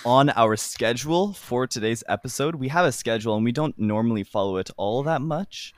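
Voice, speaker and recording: Young man, from North America, mid-pitched voice, hesitant, self-deprecating, podcast chat. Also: expressive, brisk, no echo, studio quality. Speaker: podcast co-host. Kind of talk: casual chat.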